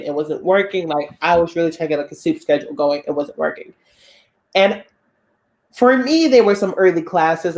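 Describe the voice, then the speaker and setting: A young woman with a Southern US accent, telling a personal story in a relaxed podcast chat. Her delivery is chatty and loose, and she laughs often between sentences. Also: lowish voice. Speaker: co-host. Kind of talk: casual chat.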